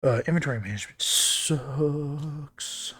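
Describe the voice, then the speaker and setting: A man streaming a building game, thinking aloud in a relaxed, muttering way as he works. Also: on the high side, slow, slightly rough. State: hiccuping. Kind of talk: casual game commentary while building.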